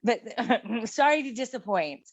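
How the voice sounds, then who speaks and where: A middle-aged woman telling a story in casual chat, animated and laughing often. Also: on the high side, measured pace, dry recording. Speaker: guest.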